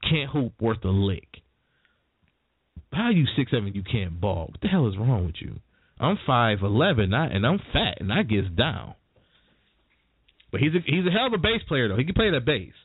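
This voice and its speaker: Guy running a morning radio show, chatty and animated, dry tinny phone sound. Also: medium pitch, moderate pace, long pauses, slightly rough, no echo. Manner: animated, chatty, laughs while telling stories. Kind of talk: casual radio talk and storytelling.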